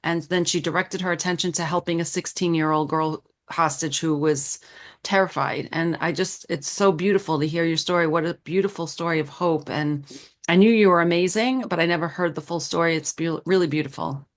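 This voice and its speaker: A woman chatting casually, hesitant and repeating herself, with warm praise. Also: fairly low pitch, fairly even intonation, fairly quick. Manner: hesitant, repeats words, effusive. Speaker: participant. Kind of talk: casual chat.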